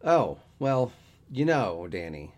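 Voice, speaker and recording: A man voicing a wry, deadpan man in his thirties who teases his friend in a storybook reading. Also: medium pitch, slow, voice pushed up. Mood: deadpan, exasperated. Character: dry, teasing man past thirty, a friend.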